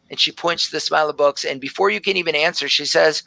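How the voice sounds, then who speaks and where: A man's voice: on the high side, fast, creaky, hardly any pauses, pushed and bright, no room sound, rough recording. A man narrating as game master of a tabletop game, describing scenes loosely with many fillers.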